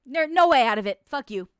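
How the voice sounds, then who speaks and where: A woman's voice: high-pitched, lively intonation, moderate pace, clean tone, no room sound, studio quality. A woman streamer playing a nun who hears chat's confessions, swinging between mock-solemn verdicts and profane, laughing banter. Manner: laughs often.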